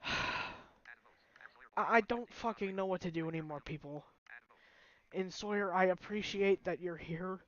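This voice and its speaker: A man's voice: sits high, a little slow, long pauses, a bit bright, lo-fi sound. A young man talking to his viewers on a phone stream, upset and sighing, his voice close to breaking. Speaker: livestreamer. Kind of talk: emotional personal talk to viewers.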